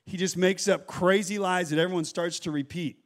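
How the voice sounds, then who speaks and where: Lively, upbeat middle-aged preacher. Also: male voice, sits high, a little fast. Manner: animated storytelling with laughs. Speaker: pastor. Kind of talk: sermon.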